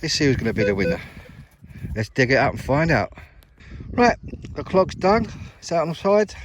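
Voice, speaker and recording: A middle-aged man with an English West Country accent chats to viewers while metal detecting in an open field, calling them "mate" and "guys." His voice is fairly high and very animated, at a moderate pace, in casual outdoor commentary. The field recording is noisy.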